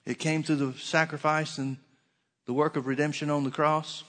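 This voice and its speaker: Male preacher, earnest sermon delivery, a touch high-pitched, drawn-out scripture quotes. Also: little pitch movement, a bit bright. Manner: slows and stretches scripture quotes for emphasis; earnest, repeats key phrases.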